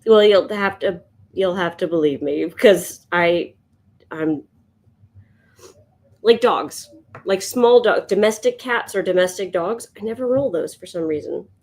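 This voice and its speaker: Slow, chatty woman on a sketch stream. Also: lowish voice, darkish tone. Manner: slow, chatty, thinking aloud, yawning. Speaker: livestream sketch artist. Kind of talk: casual livestream chat.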